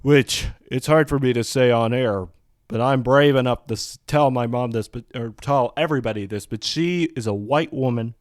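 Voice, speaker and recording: A man's voice: mid-range voice, normal speed, no echo, studio quality. A man hosting a solo podcast, reading out news and then ranting in a heated, profane, outspoken way, rambling with many restarts. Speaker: podcast host.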